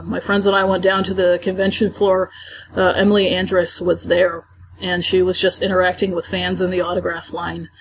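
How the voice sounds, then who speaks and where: A woman's voice: fairly low pitch, highs cut off, a little hiss or hum. A woman co-hosting a fan podcast, telling stories from a convention in an enthusiastic, chatty way. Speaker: podcast co-host. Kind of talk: casual podcast recap.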